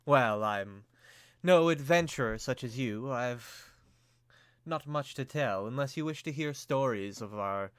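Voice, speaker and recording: A man voicing a sly, scheming male noble moneylender in a tabletop game, smooth and insinuating. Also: medium pitch, animated, unhurried, fairly bright tone, dry recording, studio quality.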